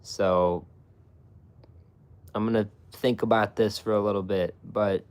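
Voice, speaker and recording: A man's voice: lowish voice, fairly even intonation, takes it slowly, darkish tone, clean tone. A young man streaming live, chatting casually with his viewers and swearing a lot. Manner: profane, talks to chat.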